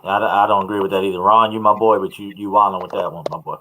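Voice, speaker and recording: A man's voice: on the low side, steady tone, fast talker, a bit bright, slight background noise, poor audio. A man hosting a casual panel chat, talking in a laid-back, slangy way.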